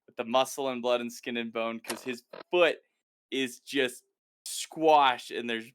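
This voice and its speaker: A male podcast host chatting casually, retelling scenes with lively, acted-out asides. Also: medium pitch, slight background noise. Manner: animated storyteller, quick to act out quotes. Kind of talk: casual chat recapping a TV episode.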